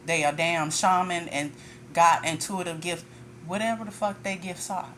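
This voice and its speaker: A woman's voice: lowish voice, steady tone, normal speed, fairly bright tone, a little hiss or hum. A woman tarot reader ranting in a casual monologue, blunt and profane, with frequent laughter.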